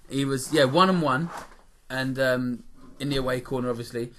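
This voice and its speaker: A man's voice: medium pitch, moderate pace, a bit bright, slight background noise. A man co-hosting a podcast, telling stories in casual chat with a rambling, swearing manner. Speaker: podcast co-host.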